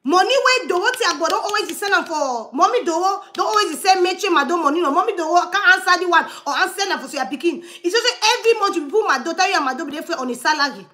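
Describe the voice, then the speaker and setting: High, bright woman. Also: quick pace, few pauses. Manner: animated, laughing, switches between loud and murmured asides. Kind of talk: livestream commentary.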